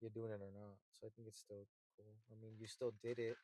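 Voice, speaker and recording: A young man co-hosting a casual podcast, laid-back and quick to laugh. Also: flat delivery, dark tone. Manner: laid-back, laughs often, drops low when reflective. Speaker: podcast co-host. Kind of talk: casual chat.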